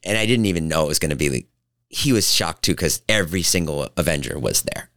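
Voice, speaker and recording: A man hosting a podcast, telling stories in casual chat and acting out quotes in high voices. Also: quick pace, dry recording, clean studio sound. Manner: animated storyteller, acts out quotes in high voices. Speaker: podcast host.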